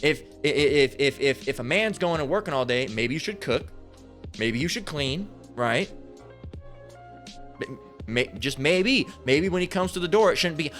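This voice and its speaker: A man's voice: fairly high pitch, lively intonation, moderate pace, fairly bright tone, faint music behind. A man preaching over a Bible passage in a crude, profane rant. He stammers, restarts often and keeps asking "right?". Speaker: street preacher.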